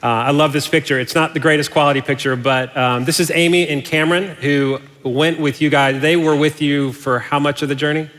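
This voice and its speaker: A man's voice: a little high, steady tone, a little fast, few pauses, fairly bright tone. A man interviewing a guest onstage, enthusiastic and prompting with questions. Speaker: interviewer, church host. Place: large church auditorium. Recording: reverberant hall.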